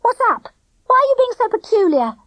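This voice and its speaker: A woman reading a storybook, voicing a fierce, bossy young girl who snaps and shouts. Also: big pitch swings, a little fast, no echo, exaggerated voice. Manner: shrill, snappish, bossy.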